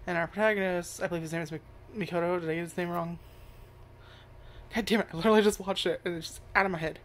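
A woman's voice: fairly low pitch, steady tone, quick pace. A woman giving casual first impressions of a show, rambling, swearing freely and correcting herself as she goes. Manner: rambling, profane, self-correcting. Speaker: anime reviewer.

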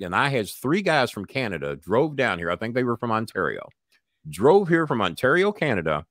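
Older guy telling a story, swears a lot, coughy, swings his pitch all over, dry sound. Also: fairly bright tone, no echo. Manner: blunt, swears freely, acts out voices. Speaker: podcast guest. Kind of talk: profane storytelling.

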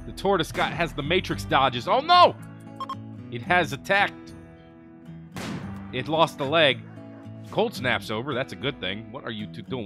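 A man giving animated let's-play commentary, reacting loudly and chatting to the characters on screen. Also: medium pitch. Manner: excitable, chatty, talks to game characters. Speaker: gaming video host.

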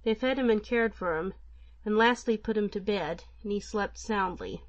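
A woman narrating an old folk tale for an audiobook in a measured, even manner. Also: medium pitch, no echo, muffled recording.

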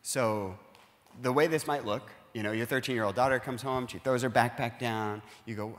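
Earnest pastor in a reverberant hall. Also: male voice, mid-range voice, fairly even intonation, normal speed. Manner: earnest, explanatory, acts out quoted dialogue. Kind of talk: conversational sermon discussion. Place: church auditorium.

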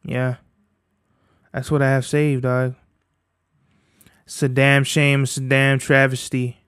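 A man's voice: medium pitch, little pitch movement, takes it slowly, fairly bright tone, smooth, dry recording, clean studio sound. A man hosting his own podcast from home, chatting in a rambling, profane, slang-heavy way. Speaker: podcast host. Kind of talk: casual solo podcast chat.

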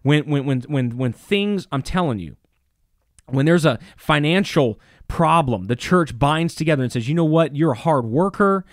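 A man's voice: fairly high pitch, animated, normal speed, dry recording, clean studio sound. Impassioned male pastor preaching. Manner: impassioned, emphatic, repeats phrases for stress. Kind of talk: sermon.

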